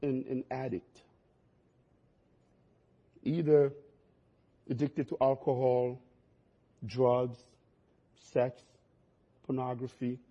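A man preaching a sermon, his delivery swinging between quiet, low passages and rising, emphatic stretches. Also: level tone, extremely slow, long pauses, lo-fi sound. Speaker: pastor.

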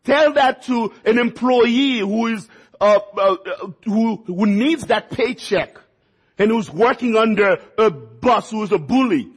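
Man, preacher, high-pitched, husky, sermon, folksy storytelling, repeats words for emphasis. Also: unhurried.

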